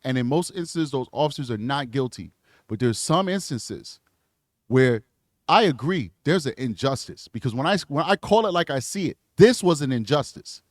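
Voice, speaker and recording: A man's voice: medium pitch, animated, normal speed, dry recording, clean studio sound. A man giving blunt, emphatic commentary on a true crime video, talking back to the clips he plays. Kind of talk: casual reaction commentary.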